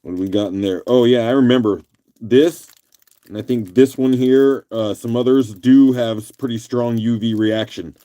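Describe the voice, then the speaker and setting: A man with a rough morning voice, hosting a live rock auction stream in a relaxed, chatty way and clearing his throat now and then. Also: mid-range voice, moderate pace. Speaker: livestream auction host. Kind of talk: casual live auction chat.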